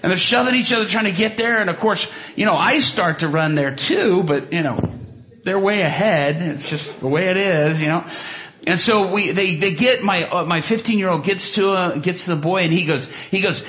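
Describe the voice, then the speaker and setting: A man preaching and telling a story, animated, with many restarts and asides, jumping into loud, high bursts when he acts out what people said. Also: a little fast. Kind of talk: sermon storytelling. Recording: dull lo-fi sound.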